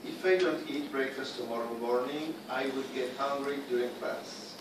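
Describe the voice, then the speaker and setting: A male student reading sentences aloud in class in a halting, careful way. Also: mid-range voice, slight background noise. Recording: echoey room, far from mic.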